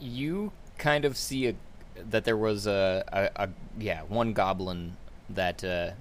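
A man running a tabletop game as game master, describing scenes in a halting way with many restarts. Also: fairly low pitch, slight background noise.

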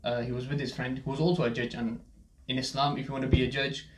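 Fast-talking man, echoey room. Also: medium pitch, little pitch movement. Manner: storytelling, many fillers and asides. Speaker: podcast host. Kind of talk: casual podcast chat. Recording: roomy echo.

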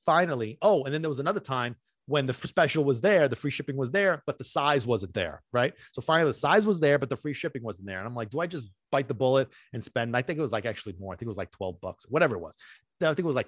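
A man hosting a podcast, telling a long story in an animated, rambling way that swings between loud bursts and muttered asides. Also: medium pitch, rapid-fire, breathy edge, no echo, studio quality. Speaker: podcast host.

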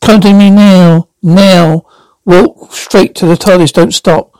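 A man's voice: sits high, steady tone, slow pace, a little mellow, smooth, no room sound, poor audio. A man reading the lines of a time-traveling male doctor, giving coaxing, reassuring instructions in a sci-fi story reading. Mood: urging.

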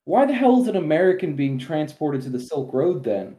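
A man co-hosting a podcast in casual chat, animated, swearing and laughing at his own points. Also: fairly high pitch, brisk, roomy sound. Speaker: podcast co-host.

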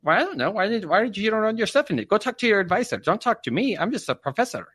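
A man playing a bossy, cranky male professor who barks orders at a student in gruff, profane bursts, improvised on a livestream. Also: high voice, sing-song, quick pace, a bit bright, dry recording, studio quality, voice pushed up, heavily acted. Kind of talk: improvised comic role-play on a livestream.

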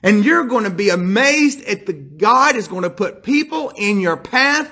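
A man's voice: high-pitched, expressive, a little slow, bright, forceful tone. A male pastor preaching a sermon, retelling a scripture story with emphatic, direct appeals to his listeners.

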